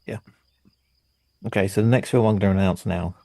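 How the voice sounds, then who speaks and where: Gravelly low-voiced man hosting a quiz. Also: fairly even intonation, a little fast, warm tone, no echo. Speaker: podcast host and quizmaster. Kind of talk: casual chat.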